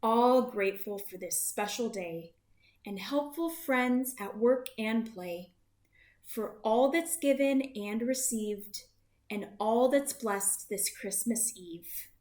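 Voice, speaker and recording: A woman reading a rhyming picture book aloud in a gentle, sing-song cadence. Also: fairly high pitch, slow. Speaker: storybook reader. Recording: roomy echo.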